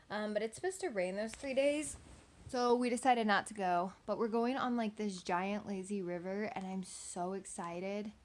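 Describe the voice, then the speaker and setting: An eighteen-year-old woman from Texas chatting casually into her phone camera at home at night, rambling with lots of "like" and "um". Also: mid-range voice. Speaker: vlogger. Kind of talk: casual storytelling vlog.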